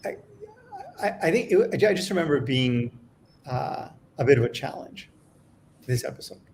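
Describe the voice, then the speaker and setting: A man with a gravelly voice pitched in the middle range chats casually on a panel as a series creator. He talks haltingly, stopping and restarting often. Faint noise sits under the recording. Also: expressive, a little mellow. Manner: hesitant, many restarts and fillers. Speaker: TV series creator, podcast guest.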